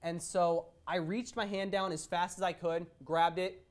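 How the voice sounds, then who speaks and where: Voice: medium pitch, flat delivery, unhurried. A young adult co-host telling a story in a casual chat, meandering and stop-start, with frequent hesitations.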